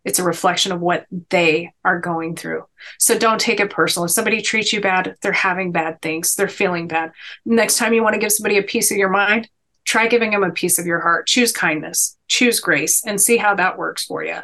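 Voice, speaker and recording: Woman, middle-aged, podcast guest, earnest storytelling, emphatic, mid-range pitch. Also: a little fast, fairly bright tone. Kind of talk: storytelling in a sit-down interview.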